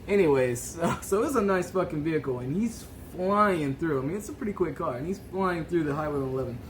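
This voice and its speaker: A man's voice: a little high, lively intonation, a little fast, noisy background. A man co-hosting a podcast, telling a drinking story in casual chat, swearing freely and laughing as he goes. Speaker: podcast co-host.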